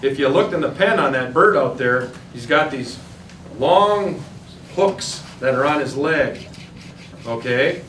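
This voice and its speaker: A turkey hunting instructor with an Upper Midwest American accent gives hunters a plain, folksy, step-by-step outdoor demonstration. His mid-range voice is fairly bright and measured. The sound is roomy and distant, with faint ambience and slight background noise.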